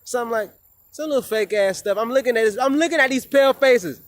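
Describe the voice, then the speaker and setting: High-voiced man preaching to viewers. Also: fast. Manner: preachy, emphatic, slangy. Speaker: wellness coach. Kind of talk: informal monologue to viewers.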